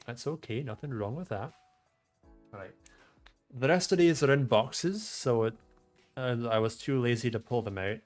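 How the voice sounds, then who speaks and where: A man's voice: mid-range voice, lively intonation, normal speed, pauses often, darkish tone, soft background music. A young man live-streaming from home, chatting loosely with his viewers and rambling through explanations of computer hardware, swearing freely. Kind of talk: casual live-stream chat, reading chat aloud. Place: home room.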